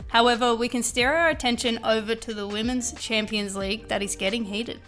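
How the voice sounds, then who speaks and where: A woman's voice: a little high, steady tone, a little fast, fairly bright tone, soft background music. A young woman with an Australian accent presenting a sports news roundup in an upbeat, scripted way. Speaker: segment presenter.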